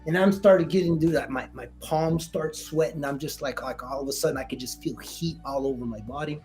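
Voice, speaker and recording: A Marine veteran telling a story in a casual interview, slangy and animated, acting out what people said to him. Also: male voice, on the high side, brisk, faint music behind. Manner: animated retelling, slangy, acts out quoted dialogue.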